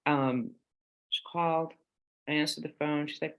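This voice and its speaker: A woman's voice: sits low, steady tone, unhurried, dull audio. A woman in her forties, a guest author in a casual podcast conversation, telling candid family stories and acting out the quoted lines. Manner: candid storyteller, acts out quoted dialogue.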